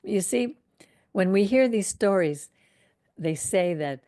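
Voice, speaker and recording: A woman reading scripture aloud and pausing for reflective, conversational commentary as a Torah teacher. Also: mid-range voice, expressive, mellow.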